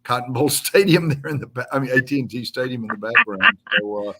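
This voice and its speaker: A man with a mid-range voice talks as a guest on a sports show. He meanders through trivia with plenty of pauses and fillers. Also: medium pitch, expressive, bright, forceful tone. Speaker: guest, sports information director. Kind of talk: casual sports talk.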